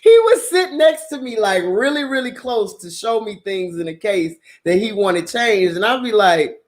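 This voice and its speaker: A woman's voice: medium pitch, moderate pace. Blunt, profane woman telling a story. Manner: blunt, profane, animated, laughs often. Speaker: drama channel host. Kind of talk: casual storytelling.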